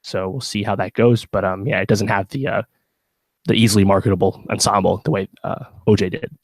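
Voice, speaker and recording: A man's voice: lowish voice, fairly even intonation, a little fast, no echo. A man co-hosting a podcast, chatting casually through a TV review with plenty of fillers and restarts. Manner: rambling, many fillers and restarts. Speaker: podcast co-host.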